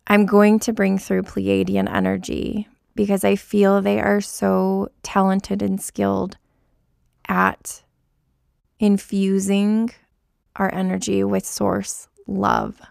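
A woman podcast host talks her listeners through a gentle spiritual pep talk, soft and reassuring. Her voice carries strong, gravelly fry. She speaks unhurriedly, and the recording is dry and close. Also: mid-range voice, dry recording. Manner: soft, slow and reassuring, lingering on words.

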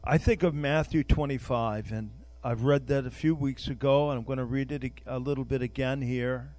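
A man's voice: medium pitch, fairly even intonation, moderate pace, darkish tone, no echo. An older man preaching an informal sermon, speaking conversationally and repeating words while searching for them, with a prayer woven in.

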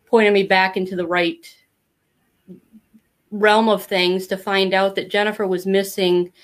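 A woman's voice: medium pitch, a little slow. A middle-aged woman talking as an interview guest, telling a personal story in a candid, rambling way and acting out other people's lines. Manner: candid, rambling, animated when quoting others. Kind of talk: casual storytelling.

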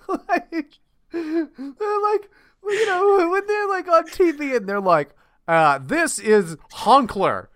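A man's voice: extremely high pitch, sing-song, slow, a bit bright. A man co-hosting a podcast in casual, profane, rambling chat, often breaking into laughter. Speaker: podcast co-host.

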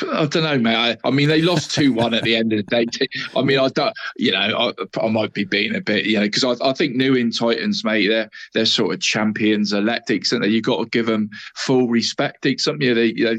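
A talkative man co-hosts a casual football show, rambling and tacking "mate" onto almost every phrase. His voice is mid-pitched. It sounds dry and close to the mic. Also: a bit bright, dry recording. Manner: chatty, says "mate" constantly, rambling. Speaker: podcast co-host.

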